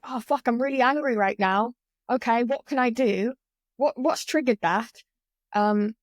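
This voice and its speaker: A woman of middle pitch, speaking as a yoga teacher who is a guest on a conversational podcast. She talks in a candid, animated way and swears now and then. The sound is dry and close, with almost no room echo.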